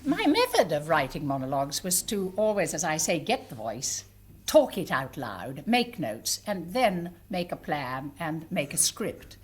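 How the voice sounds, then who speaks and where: A woman's voice: low voice, big pitch swings, a little slow, a little hiss or hum. An older woman entertainer telling anecdotes to a theatre audience, chatty and amused, with small hesitations. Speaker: stage entertainer and monologue writer. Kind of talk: anecdotal stage talk. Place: live theatre before an audience.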